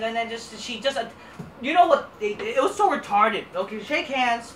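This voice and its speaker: A woman's voice: sits high, big pitch swings, moderate pace, fairly bright tone, slight background noise. A woman hosting a ranting wrestling review, blunt, profane and exasperated. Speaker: host. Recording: roomy echo from distant mic.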